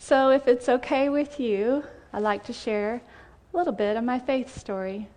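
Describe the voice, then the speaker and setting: A woman's voice: fairly high pitch, darkish tone. A woman pastor preaching a heartfelt sermon and reading scripture in a church. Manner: heartfelt, tearful gratitude, measured scripture reading. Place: church sanctuary.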